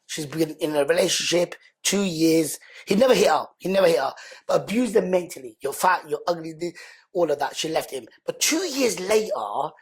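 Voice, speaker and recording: A man, a podcast guest telling personal stories in an animated way and acting out what other people said. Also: a little high, moderate pace, slightly rough. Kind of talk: emotional storytelling in conversation.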